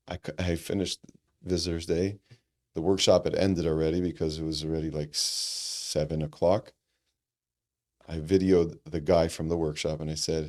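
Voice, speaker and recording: A man telling a personal story on a podcast, animated and earnest, often restarting his sentences. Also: extremely low pitch, normal speed. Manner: animated, acts out quoted dialogue, frequent restarts; earnest and reflective. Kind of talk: conversational storytelling.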